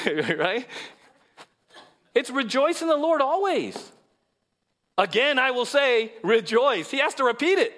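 A middle-aged male pastor preaching a sermon in a church, animated, acting out voices and dropping into soft asides. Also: very high-pitched, slow, pauses often. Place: church sanctuary.

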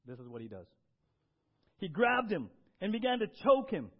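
A man preaching a sermon as pastor, swinging between loud emphatic bursts and quiet, low stretches. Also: huge pitch swings, moderate pace, highs cut off.

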